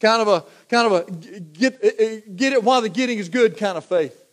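A man's voice: high-pitched, brisk. A man preaching a sermon, talking conversationally and building to emphatic repetition. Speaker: pastor.

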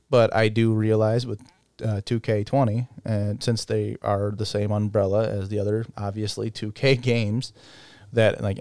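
Male solo podcast host, casual rambler, self-deprecating, laughs a lot; smooth mid-pitched voice, dry close mic. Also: darkish tone, no room sound.

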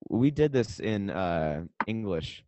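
A man's voice: lowish voice, very animated, slow pace, a little mellow. A young man co-hosting a podcast in casual banter, often stammering and restarting his sentences. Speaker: podcast co-host.

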